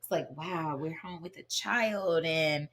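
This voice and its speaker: Bright-voiced chatty woman. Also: low-pitched, takes it slowly. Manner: chatty and animated, with many fillers and restarts. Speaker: podcast guest. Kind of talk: casual conversational storytelling.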